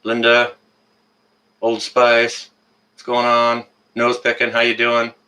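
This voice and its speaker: A man's voice: medium pitch, monotone, slow, sharp tone, low-quality recording. A man hosting a live stream, chatting casually, rambling with many fillers and greeting viewers by name.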